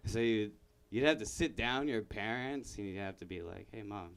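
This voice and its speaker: A young man performing a stand-up comedy set, rambling and self-interrupting, bursting into shouted character bits. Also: lowish voice, normal speed, creaky, smooth. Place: comedy room with live audience.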